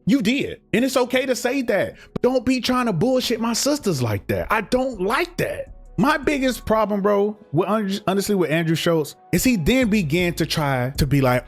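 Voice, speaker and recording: A man's voice: high-pitched, big pitch swings, moderate pace, few pauses, faint music behind. A young man, giving a blunt, profane, heated commentary rant as a reaction streamer.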